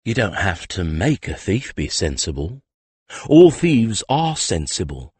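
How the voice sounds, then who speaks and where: A man's voice: low-pitched, sing-song, unhurried, a little mellow, husky, no echo, exaggerated voice. A man voicing a bold, cheeky young male street thief who talks in street slang with double negatives.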